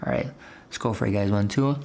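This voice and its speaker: A man's voice: on the low side, fast talker, gravelly, darkish tone, a little hiss or hum. A man hosting a casual food vlog, chatting to his viewers between bites and then reviewing a movie. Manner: chatty, talks to viewers as "guys" while eating; eats between lines with food noises.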